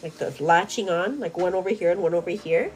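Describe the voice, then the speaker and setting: A woman's voice: on the low side, a little fast, a little mellow, rough recording. A woman from a Mexican-American family chatting casually while getting ready at home, bubbly and laughing often, dropping in Spanish words. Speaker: beauty vlogger. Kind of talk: casual chat.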